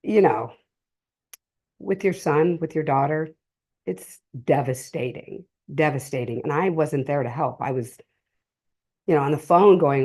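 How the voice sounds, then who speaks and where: A middle-aged woman speaks in a low, mellow voice, sharing a personal testimony with a live audience. Her delivery is emotional and halting, full of pauses and restarts. The talk was recorded at a community cultural center. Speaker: speaker sharing a family story at a drug-prevention session.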